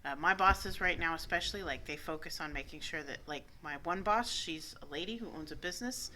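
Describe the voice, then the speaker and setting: Female co-host, lowish bright voice, blunt and profane banter. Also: brisk, slight background noise, low-quality recording. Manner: blunt and profane, animated storytelling. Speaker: radio show co-host. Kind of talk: casual chat.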